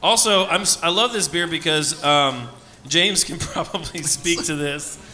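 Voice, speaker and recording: A man hosting a live podcast in a bar, upbeat and quick to laugh. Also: a little high, sharp tone, a little hiss or hum. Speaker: podcast host. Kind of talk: casual interview chat.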